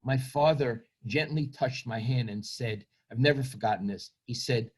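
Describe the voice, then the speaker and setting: A man's voice: mid-range voice, moderate pace, husky. Older New man reading his book. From Brooklyn, New York. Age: 70s. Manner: reflective, self-deprecating. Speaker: author.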